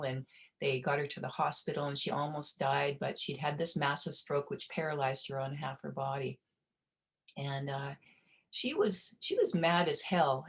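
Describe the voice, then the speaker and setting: Middle-aged woman, low-pitched, webinar presenter; gentle, heartfelt storytelling with restarts, video-call sound. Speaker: webinar presenter on provider well-being. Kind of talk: personal storytelling.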